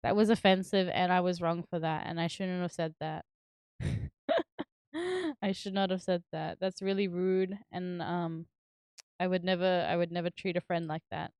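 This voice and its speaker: A woman's voice: fairly low pitch, little pitch movement, normal speed, a little mellow, clear, resonant tone, no room sound, clean studio sound. A woman streamer chatting casually and giggling while she builds, swearing now and then and filling her talk with fillers.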